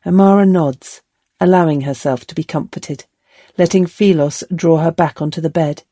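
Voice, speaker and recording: A woman narrating a historical novel as an audiobook in a calm, measured storytelling manner. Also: deep voice, no echo.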